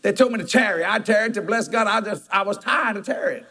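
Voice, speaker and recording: High-voiced preacher. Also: male voice, fast, sharp tone. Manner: folksy storytelling, chuckling, emphatic asides. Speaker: pastor. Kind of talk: sermon.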